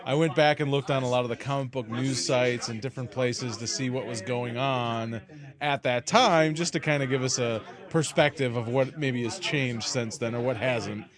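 A man in his forties co-hosting a podcast, chatting casually, relaxed and candid. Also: mid-range voice, normal speed, a crowd in the background. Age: 40s. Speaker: podcast co-host.

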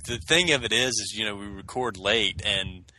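A man's voice: fairly low pitch, normal speed, pushed and bright, no echo, low-quality recording. A man with a Southern US accent, co-hosting a podcast in casual chat, joking and taking his time to get to the point. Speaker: podcast co-host.

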